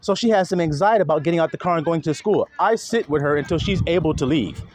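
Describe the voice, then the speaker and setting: A man's voice: a little high, fast talker, a little mellow. A man delivering an impassioned spoken monologue, preachy and blunt, swearing freely and slipping into mocking sarcasm. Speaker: online commentator; father.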